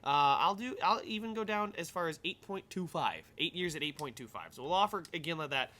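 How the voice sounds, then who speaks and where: A man's voice: a little high, expressive, a little fast, sharp tone. A young man giving casual game commentary, thinking aloud and rambling with many fillers as he plays. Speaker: gaming YouTuber.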